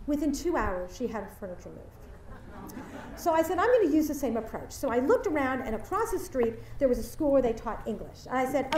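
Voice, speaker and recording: A woman's voice: high-pitched, animated, brisk, a little mellow, a little hiss or hum. A woman giving a graduation speech, telling a story and acting out the voices of its people. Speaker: commencement speaker. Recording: echoey hall from far off.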